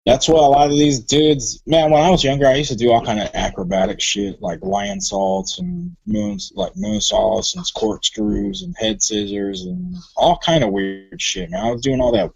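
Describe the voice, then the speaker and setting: A man's voice: mid-range voice, moderate pace, vocal fry, few pauses, husky, dry recording, lo-fi sound. A man talking as a podcast guest about his wrestling career, telling stories in a loose, profane way. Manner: profane, animated storyteller. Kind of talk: casual chat.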